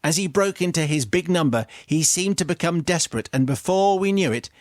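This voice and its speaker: A man's voice: on the high side, lively intonation, a little fast, dry recording, clean studio sound. British man reading a confession on radio. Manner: amused, theatrical storytelling with laughs. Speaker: radio host. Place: radio studio. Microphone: studio microphone.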